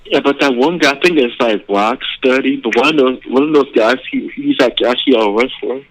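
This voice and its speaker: Male podcast co-host, mid-pitched, relaxed and halting. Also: poor audio. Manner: laid-back, hesitant. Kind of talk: casual podcast chat.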